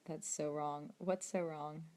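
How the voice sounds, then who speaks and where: A woman's voice: low voice, steady tone, slow, mellow. A young woman chatting casually on a late-night livestream, reading fan questions aloud and rambling through her answers. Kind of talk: casual chat.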